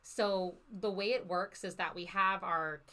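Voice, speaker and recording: A woman hosting a casual podcast, her voice at a middle pitch with a bright, forward edge. She tells animated stories, acts out the voices of people in them, and laughs often. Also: a little slow. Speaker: podcast host.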